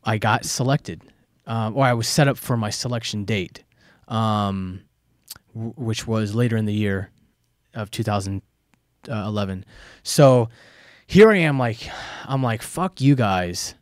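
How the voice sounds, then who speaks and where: American ex-soldier guy spilling old stories, lively, acts out the lines, dry close sound. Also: on the low side, measured pace, long pauses, dry recording. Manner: candid, animated, acts out quoted voices. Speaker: guest; former Army soldier. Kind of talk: casual storytelling interview.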